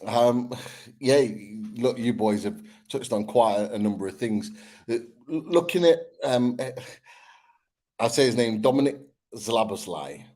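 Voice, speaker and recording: A man on a football fan podcast, laying out his points one by one in a measured, casual way with fillers. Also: medium pitch, animated, a little mellow.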